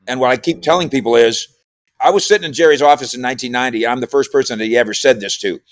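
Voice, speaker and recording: A man's voice: mid-range voice, very fast, no room sound. A man talking sports as a regular radio guest, rambling and repeating himself in casual chat. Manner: rambling, repeats words, animated when quoting. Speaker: sports columnist and podcaster.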